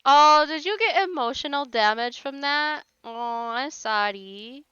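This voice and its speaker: A woman's voice: high-pitched, expressive, a little slow, bright, forceful tone, dry recording, lo-fi sound. A woman hosting a casual livestream, chatting with viewers and teasing them playfully, laughing often. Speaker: livestream host.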